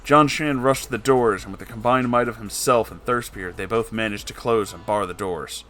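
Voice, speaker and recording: A man's voice: fairly low pitch, moderate pace, a bit bright. A man reading a storybook tale aloud in a theatrical narrating manner. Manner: theatrical, switches into voices for characters. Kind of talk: dramatic storybook reading with character voices.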